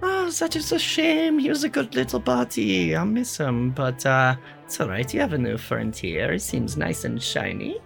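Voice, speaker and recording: A chatty merchant voiced by a woman talks up wares in a tabletop game. The voice is low, slow and gravelly, with lively swings in pitch, and light music plays behind. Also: full character voice. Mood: fond. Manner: friendly, upbeat sales talk with many fillers.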